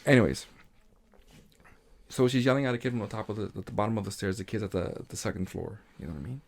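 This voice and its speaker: A man co-hosting a casual podcast chat, telling stories with heavy swearing and loud bursts of laughter. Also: lowish voice, quick pace, gravelly, slight background noise. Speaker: podcast co-host.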